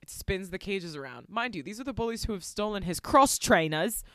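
Profane, animated woman recapping a film. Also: mid-range voice, quick pace, dry recording, clean studio sound. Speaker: podcast co-host. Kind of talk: casual movie recap chat.

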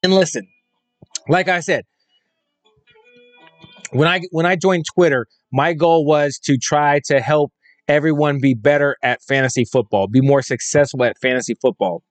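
A man talks football in a fired-up, opinionated way, hammering his points over and over. His voice sits a little high for a man. It is recorded dry and close, with no room sound. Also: normal speed, no echo, soft background music. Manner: emphatic, repetitive, fired-up. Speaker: fantasy football podcaster. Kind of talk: opinionated solo commentary.

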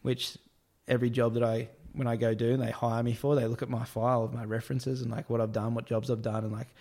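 A man's voice: mid-range voice, flat delivery, fast talker, darkish tone. A man telling a casual anecdote about work, with crude slang, acted-out quotes and frequent laughs. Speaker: storyteller, construction worker.

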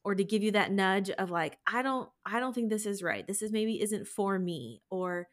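A woman's voice: medium pitch, animated, normal speed. A woman hosting a faith podcast, encouraging her listeners and responding to her co-host. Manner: encouraging, warm-hearted exhortation.

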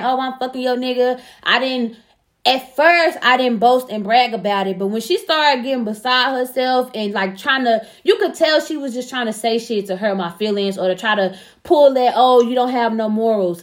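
A woman's voice: high-pitched, normal speed. Blunt, profane young woman telling a story. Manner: blunt, profane, animated storytelling with quoted back-and-forth. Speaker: podcast co-host telling a personal story. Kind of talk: casual chat.

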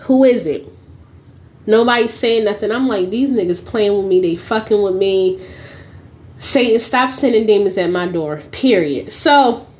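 A young woman hosting a podcast, telling a story in a blunt, profane, animated way and often laughing as she goes. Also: medium pitch. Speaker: podcast host. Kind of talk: casual storytelling monologue.

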